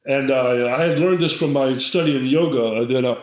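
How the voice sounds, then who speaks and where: A man's voice: medium pitch, a little fast, darkish tone, roomy sound, rough recording. An older man, a guest herbalist, telling a long, digressive story in a casual interview and acting out the people in it. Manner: rambling, digressive storyteller who acts out quotes.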